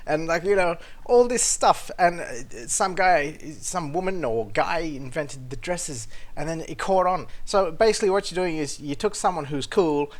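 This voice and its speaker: Blunt, profane man ranting. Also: a little high. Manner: blunt, profane, swings between loud outbursts and muttering. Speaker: podcast host. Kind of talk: casual ranting monologue.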